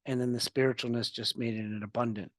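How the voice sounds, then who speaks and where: An earnest man talks candidly as a podcast guest, telling his own story in a confessional way. His voice sits at an everyday middle pitch. The sound is dry and close, with no room around it. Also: flat delivery, quick pace, no echo. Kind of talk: candid interview talk. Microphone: video call.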